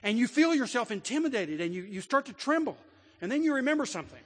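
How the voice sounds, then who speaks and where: A man's voice: very high-pitched, sing-song, quick pace, fairly bright tone, in a large hall. A man preaching a sermon, telling a vivid illustration and building to emphatic, declarative peaks. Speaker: pastor.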